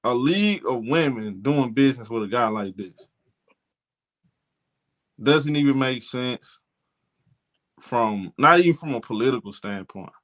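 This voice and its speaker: A man's voice: mid-range voice, animated, measured pace, long pauses. A man hosting a sports talk show, giving blunt, indignant commentary and often repeating himself.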